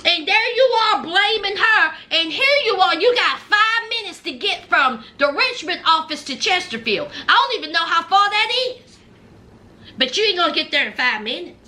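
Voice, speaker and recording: A woman's voice: very high voice, lively intonation, normal speed, bright, forceful tone. A woman recapping a reality show in casual chat, talking sassily and directly to the people on screen and to viewers in slangy speech. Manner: slangy and chatty, addresses viewers as y'all.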